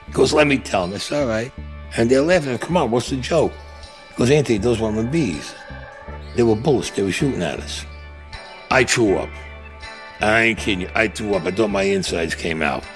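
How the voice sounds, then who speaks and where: Faint music plays behind a lowish, expressive male voice moving at a brisk clip. He's a Vietnam veteran from Brooklyn, New York, giving an interview where he bluntly tells war stories and acts out the dialogue in gruff street talk.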